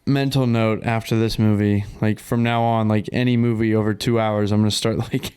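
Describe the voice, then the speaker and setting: A man's voice: fairly low pitch, fairly even intonation, normal speed, darkish tone, clear, resonant tone. A young man co-hosting a podcast, talking casually about a movie, laid-back and full of "like" fillers. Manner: laid-back, filler-heavy, says "like" constantly. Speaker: podcast co-host. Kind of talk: casual movie reaction chat.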